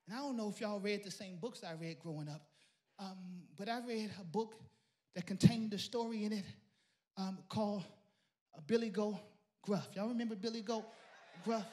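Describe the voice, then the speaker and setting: A male pastor a sermon, telling a story and building to shouted praise. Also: high voice, normal speed.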